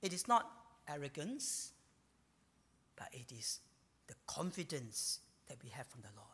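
A man preaching a sermon in a church hall. He talks in an animated way and ends many phrases with a drawn-out "ah". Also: fairly high pitch, breathy edge. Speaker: pastor. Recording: long reverb of a hall.

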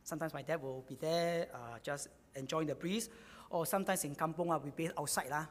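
A man's voice: a little high, brisk, big-room sound. A man preaching a sermon, repeating key phrases for emphasis.

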